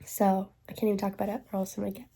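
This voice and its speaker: A woman's voice: medium pitch, little pitch movement, very fast, vocal fry, mellow, slightly rough. A young woman vlogging candidly about her pregnancy, nauseous and stuffy, chatting loosely with lots of "like" and "um" into a phone held at arm's length. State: nauseous and congested. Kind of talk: casual pregnancy vlog.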